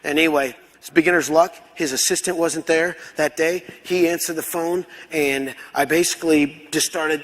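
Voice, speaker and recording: A man's voice: fairly high pitch, moderate pace. A man telling a story as a conference speaker, acting out dialogue in different voices. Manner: animated, acts out dialogue. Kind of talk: storytelling keynote talk. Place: large conference hall. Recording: long hall reverb.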